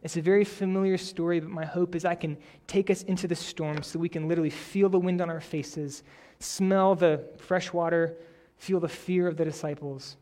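High-voiced man preaching a lively sermon. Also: moderate pace. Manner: prays softly, then preaches with rising energy and animated stories. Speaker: pastor.

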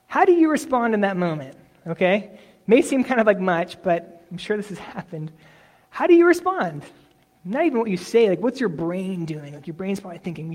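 A man preaching a sermon in a relaxed, conversational way, often acting out imagined replies. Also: sits high, normal speed. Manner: conversational, self-correcting, uses imagined dialogue. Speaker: pastor.

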